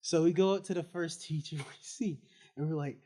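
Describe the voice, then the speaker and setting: A male student on a casual podcast, telling an animated story and laughing as he goes. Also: on the high side, brisk, slight background noise. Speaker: student guest.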